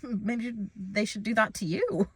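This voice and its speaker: A woman's voice: medium pitch, animated, a little slow, breathy edge. A young woman co-hosting a comedy podcast, teasing and swearing as she argues in casual chat. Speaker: podcast co-host.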